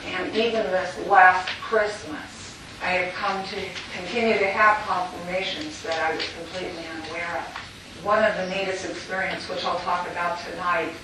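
A middle-aged woman speaking candidly and emotionally about her near-death experience, telling a personal story with laughter. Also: medium pitch. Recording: very echoey, distant mic with noise.

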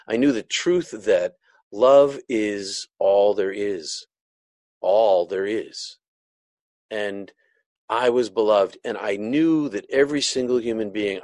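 A man giving an earnest, emotional personal testimony, halting often and restarting his sentences. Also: on the low side, a little mellow, no room sound. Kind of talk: personal testimony of a near-death experience.

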